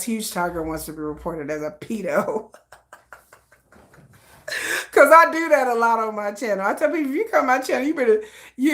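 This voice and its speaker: A woman's voice: high voice, sharp tone. A woman hosting a casual livestream, teasing her chat and laughing often. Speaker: livestream host.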